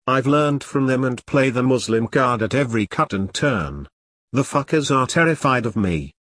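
A man's voice: medium pitch, expressive, moderate pace, a bit bright, no room sound, clean studio sound. A man voicing a fierce, one-armed woman who is an ex-soldier and activist, talking bluntly and defiantly in an audiobook. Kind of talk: audiobook character reading.

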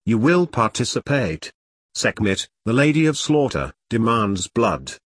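A man putting on a zealous, bawling lord from a dark storybook, deep and booming as he roars orders at his victims. The sound is close and dry. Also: very animated, unhurried, breathy edge, no room sound. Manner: bawling, fanatical. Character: menacing zealous lord, bellowing cult fanatic.

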